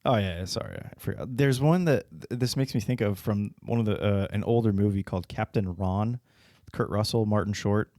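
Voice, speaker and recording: Recorded clean in a studio with no echo, a man co-hosts a podcast in a lowish, slightly mellow voice, talking a little fast. The chat is casual; he jokes, swears freely, and laughs at his own bits.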